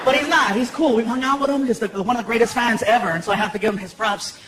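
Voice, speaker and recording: A man telling stories in live stand-up comedy, animated and acting out the voices of the people he talks about. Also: extremely high pitch, fast. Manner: animated storytelling, acts out voices. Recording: live show with loud crowd noise.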